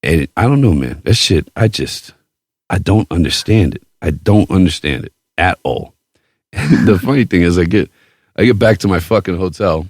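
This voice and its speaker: A man hosting a podcast, telling a story in casual chat with a profane, boastful, animated way of talking. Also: sits low, moderate pace, dry recording, clean studio sound. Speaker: podcast host.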